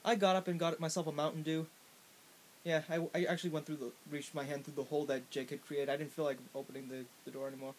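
A man with a fairly high voice tells a comic story straight to the camera. He rambles, stops and restarts, and fills the gaps with ums. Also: level tone, fast, a little hiss or hum. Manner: rambling, with many fillers and restarts. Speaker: vlogger. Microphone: in front of a camera.

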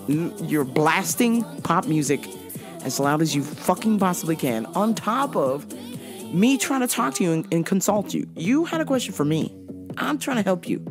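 A woman hosting a podcast, telling stories in a loud, profane, laugh-filled casual rant. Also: lowish voice, animated, moderate pace, over music. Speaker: podcast host.

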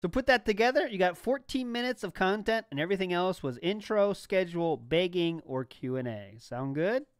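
A man's voice: high-pitched, animated, moderate pace, hardly any pauses, clean tone, no room sound, studio quality. Sarcastic laughing male podcast co-host. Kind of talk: casual chat.

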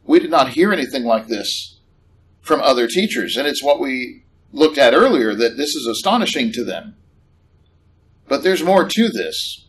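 A man preaching a sermon in a church, conversational and animated, rising in pitch on questions. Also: moderate pace, slight background noise, rough recording. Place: church hall.

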